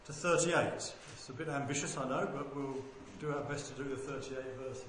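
A man reading a Bible passage aloud in a measured, deliberate way, lifting his voice for quoted speech. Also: mid-range voice. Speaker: scripture reader. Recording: very echoey room with faint background noise.

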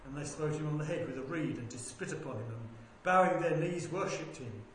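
A man with a fairly high voice reads scripture aloud, slow and deliberate, lifting his tone for the quoted lines. His voice rings through a very reverberant room with a faint hiss of background noise. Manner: measured, deliberate reading that rises for quoted speech. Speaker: scripture reader. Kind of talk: bible reading aloud.

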